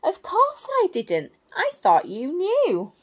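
A high, chirpy little butterfly from a picture book, eager to help and always sure it knows the answer, as a woman voices it. The voice bounces up and down, and it speaks slowly. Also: wildly swooping pitch, exaggerated voice.

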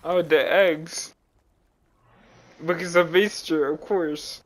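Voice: medium pitch, steady tone, slow. A gamer chatting casually while playing, teasing and laughing constantly. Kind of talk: casual gaming chat.

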